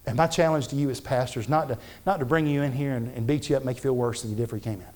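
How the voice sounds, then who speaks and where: A man's voice: mid-range voice, very fast, a little mellow. A man, a pastor preaching a fervent, conversational sermon full of repetitions.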